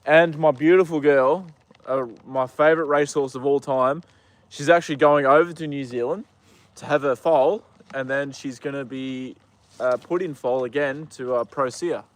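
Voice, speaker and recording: A man's voice: medium pitch, fairly even intonation, moderate pace, no echo. A young Australian man chatting casually on a live stream outdoors, rambling with lots of ums and uhs. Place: outdoors with a horse.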